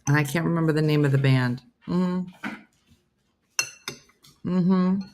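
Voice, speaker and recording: A woman's voice: low-pitched, unhurried, a little hiss or hum. A middle-aged woman hosting a casual morning show, chatting with viewers and telling stories full of quoted dialogue. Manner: chatty storyteller, quoting others in lively voices. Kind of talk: casual chat reading viewer comments.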